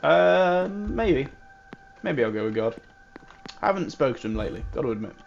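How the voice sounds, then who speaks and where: A man's voice: fairly high pitch, big pitch swings, moderate pace, creaky, lo-fi sound, soft background music. A man chatting playfully while playing a mystery game, trying out accents and asking himself whether they come close. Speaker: gamer. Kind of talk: casual game commentary.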